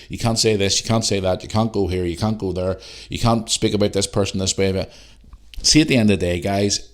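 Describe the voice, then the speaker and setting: Male podcast host, lowish voice, heated sweary solo rant.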